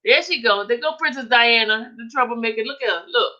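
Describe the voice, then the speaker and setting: A high, bright-voiced woman chats with her livestream audience, giggling constantly and teasing viewers as she talks. Her voice comes through a slightly dull, muffled livestream recording. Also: fairly quick. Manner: giggly, keeps laughing while talking to the chat; chatty and teasing. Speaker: livestream host. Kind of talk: casual livestream chat.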